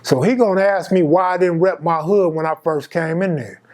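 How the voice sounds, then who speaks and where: A man's voice: fairly high pitch, moderate pace. A man in his fifties from Los Angeles telling a personal story in casual, slangy street talk, acting out the dialogue. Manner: slangy, animated, acts out dialogue. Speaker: storyteller host.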